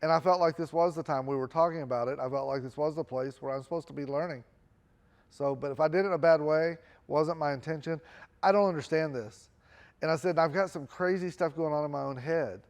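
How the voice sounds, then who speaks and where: Self-mocking middle-aged pastor, higher voice. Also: male voice, fairly even intonation, a little fast, a little mellow. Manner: self-deprecating, conversational, acts out dialogue. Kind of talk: storytelling sermon. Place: church auditorium.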